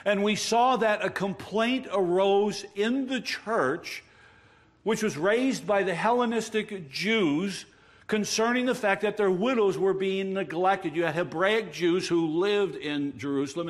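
A pastor preaching a sermon, explaining a passage earnestly with emphatic rises and wordplay. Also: male voice, high voice. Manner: self-described wordsmith, plays with words.

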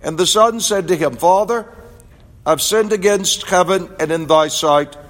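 A man preaching a sermon and reading scripture, with a measured, emphatic delivery. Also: high voice, a bit bright. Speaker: pastor. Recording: long reverb of a large hall.

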